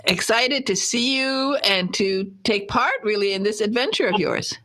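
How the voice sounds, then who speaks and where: A woman's voice: medium pitch, moderate pace, pushed and bright. Chatty woman radio host, laughing often. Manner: chatty, laughs between words. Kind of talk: casual radio interview chat. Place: radio studio.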